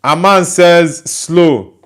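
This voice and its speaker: A man's voice: fairly high pitch, very slow. A Nigerian man, a native Igbo speaker, hosting a casual livestream and chattily answering viewer comments he reads aloud. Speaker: host.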